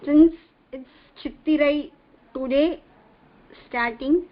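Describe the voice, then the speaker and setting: A woman leads an online reading class, breaking each word into syllables and repeating them with great patience. She talks very slowly, and the audio is dull and lo-fi, like a video-call recording. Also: high-pitched. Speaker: Tamil reading teacher. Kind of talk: slow online language lesson.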